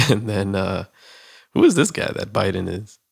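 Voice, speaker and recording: A man's voice: lowish voice, sing-song, normal speed, creaky, husky, no echo. A man co-hosting a casual podcast, laid-back and chatting with dry remarks. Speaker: podcast co-host. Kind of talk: casual chat.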